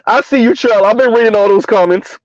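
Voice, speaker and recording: A man giving a heated, emphatic commentary rant on his vlog, repeating his points loudly. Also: sits high, moderate pace, no echo, lo-fi sound. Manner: loud, emphatic, repeats points, laughs at times. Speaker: commentary vlogger.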